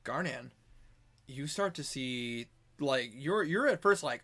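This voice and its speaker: A man narrating as game master in a tabletop game played over voice chat, describing scenes with quick asides. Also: medium pitch, lively intonation, fairly bright tone.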